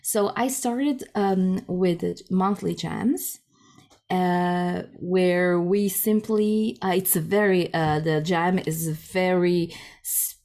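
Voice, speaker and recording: A woman speaks as a podcast guest over a video call, her voice a little low. She rambles and restarts often, and she is self-deprecating about her own work. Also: steady tone, slow, a little mellow. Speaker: podcast guest, improv jam organizer. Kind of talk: conversational interview.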